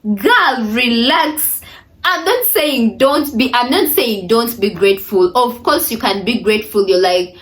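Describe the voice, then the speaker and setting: A woman's voice: a little high, animated, moderate pace, hardly any pauses. Emphatic young woman giving dating advice. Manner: emphatic, direct, fond of "you know" and "ladies". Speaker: vlogger. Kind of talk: casual dating-advice talk.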